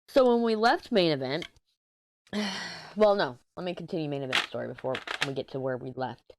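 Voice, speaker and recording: A woman's voice: fairly low pitch, lively intonation, measured pace, long pauses, slight background noise. Rambling woman in her thirties. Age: 30s. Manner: rambling storyteller, often corrects herself mid-sentence. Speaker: crafting channel host. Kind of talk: casual chat while diamond painting.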